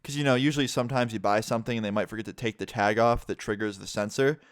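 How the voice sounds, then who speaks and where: Speaking quickly in a lowish, clear, resonant voice, a man tells a personal tale for his storytime vlog. He's candid and profane, leans heavily on "like," and animates the story by voicing its other characters; the studio sound is clean with no echo.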